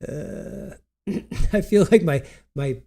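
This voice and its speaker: Man, live-stream host, casual rambling chat, stuffy nose, high-ish, warm dark tone. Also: animated, creaky. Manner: rambling, laughs often, reads aloud haltingly.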